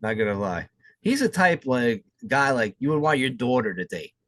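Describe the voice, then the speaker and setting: A man co-hosting a podcast in crude, laughing banter and swearing freely. His voice sits at an ordinary middle pitch. The sound is dry and close, with no room around it. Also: very animated, normal speed, fairly bright tone, dry recording. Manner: profane, laughing, joking. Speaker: podcast co-host.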